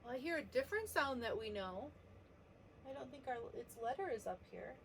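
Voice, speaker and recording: A woman teaching a preschool letter lesson, gently sounding out each letter for young children. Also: sits high, sing-song, a little fast, vocal fry, slight background noise.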